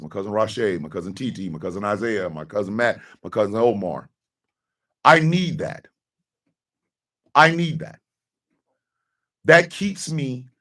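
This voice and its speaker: A man's voice: medium pitch, fairly bright tone, far from the mic. A middle-aged man hosting a radio talk show, giving a blunt, profane personal monologue and repeating his key lines for emphasis.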